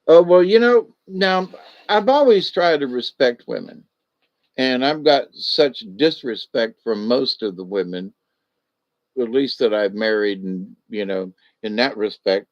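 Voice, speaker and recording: A man's voice: medium pitch, expressive, measured pace, dull audio. An older man, talking in a rambling, folksy monologue full of restarts and fillers.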